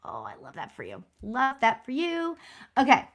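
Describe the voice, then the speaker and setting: A woman's voice: on the high side, wildly swooping pitch, normal speed. A woman working as a spiritual medium, giving a live online reading in a chatty, encouraging way with lots of "you know" fillers. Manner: warm and encouraging toward viewers.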